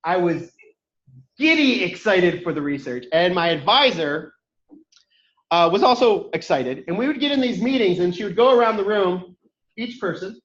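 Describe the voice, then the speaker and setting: A boisterous, loud man instructor giving an online workshop talk, mixing lessons with personal stories. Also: high-pitched, lively intonation, normal speed. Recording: echoey room, dull lo-fi sound.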